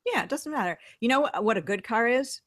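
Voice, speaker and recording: A woman's voice: a little high, lively intonation, a little fast, fairly bright tone, no room sound. A woman hosting a casual chat show, talking freely and reading viewer comments aloud. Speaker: host.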